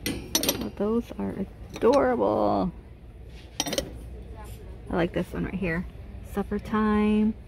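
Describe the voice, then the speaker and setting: Filming a casual walkthrough inside a big store, a woman with a gravelly mid-range voice talks slowly and pauses often over a noisy background. She comments on prices and gushes over cute things on her phone camera.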